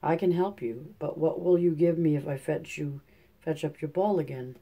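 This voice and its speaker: A man's voice: fairly high pitch, moderate pace, creaky, muffled recording. A man reading a storybook aloud, voicing an old male frog who is coaxing and insistent.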